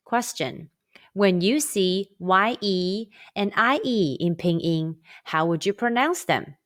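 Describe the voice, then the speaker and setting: A woman narrating a language lesson, drilling sounds slowly and carefully for learners to repeat. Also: medium pitch, big pitch swings, a bit bright. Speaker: language teacher.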